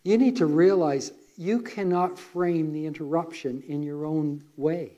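A man's voice: fairly high pitch, measured pace, mellow, dull audio. A man preaching a sermon, retelling a story in a conversational way with asides to listeners.

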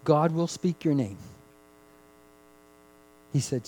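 A man preaching a sermon, rising to loud emphatic peaks and dropping to hushed, drawn-out phrases, repeating key words for emphasis. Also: a little high, animated, rough recording. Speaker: pastor.

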